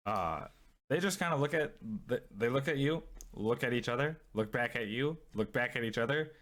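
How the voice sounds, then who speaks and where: A man's voice: medium pitch, lively intonation, moderate pace, fairly bright tone. A man narrating as game master of a tabletop role-playing game, hesitant with many fillers and restarts.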